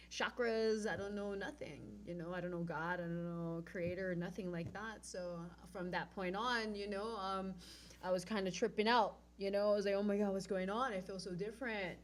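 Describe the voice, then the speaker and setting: A woman with a Hawaiian accent tells her story with lots of life. She acts out her own past lines, jumping from loud to almost hushed, at a middle pitch. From Oahu, Hawaii. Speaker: guest. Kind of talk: animated personal storytelling.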